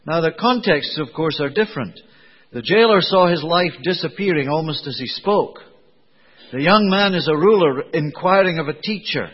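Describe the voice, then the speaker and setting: A man preaching a sermon in a conversational, digressive way, with a slightly husky voice. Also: a little high, lively intonation, moderate pace. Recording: dull lo-fi recording in a reverberant hall.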